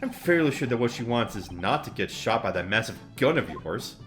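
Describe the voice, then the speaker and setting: A woman's voice: very deep voice, big pitch swings, a little fast, faint music behind. A woman voicing a cheerful young British girl inventor with a prim, scolding manner. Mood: bubbly prim.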